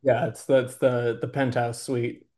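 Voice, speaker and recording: A man's voice: mid-range voice, flat delivery, unhurried, warm tone. A man chatting casually as a co-host and player in an improv game, laughing along and giving short replies. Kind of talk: casual chat.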